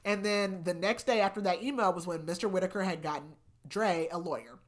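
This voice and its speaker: A woman hosting a book podcast, casually recapping chapters in a chatty way with lots of "like" and animated retellings. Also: on the low side, brisk. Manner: chatty, heavy use of "like", animated retelling of scenes.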